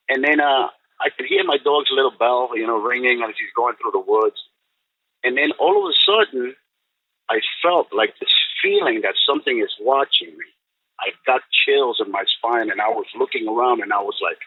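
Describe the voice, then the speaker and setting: A man's voice: mid-range voice, very animated, moderate pace, no room sound. Older man telling a story over a tinny phone line. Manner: rambling, full of "you know" and restarts. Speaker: guest recounting an encounter. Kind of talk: storytelling on a call-in podcast. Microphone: telephone.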